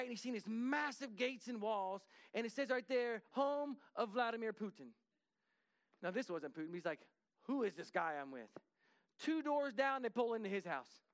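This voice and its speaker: High-voiced man telling a story. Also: dry recording. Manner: lively, acts out dialogue, drops to a hushed voice for quotes; frequent restarts and repetitions. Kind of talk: conversational storytelling.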